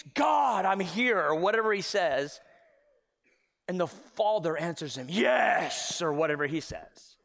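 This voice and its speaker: A man preaching a sermon as pastor, telling a Bible story with animated delivery and acted-out voices and shouts. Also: high-pitched, in a large hall. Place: church sanctuary.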